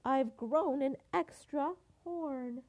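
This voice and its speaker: A grandmother doing a high, sing-song unicorn. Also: drawn-out words, a little mellow, full character voice. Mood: plaintive. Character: gentle grateful unicorn.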